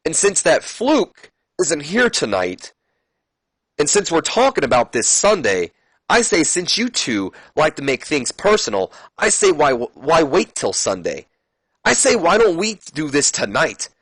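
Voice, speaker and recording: A man's voice: fairly high pitch, wildly swooping pitch, measured pace, a bit bright, breathy edge, dry recording, voice pushed up, exaggerated voice, rough recording. A man voicing a brash male wrestler's challenge in a raised, pushy tone while reading a scripted promo. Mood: taunting. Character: brash cocky male wrestler calling out a rival.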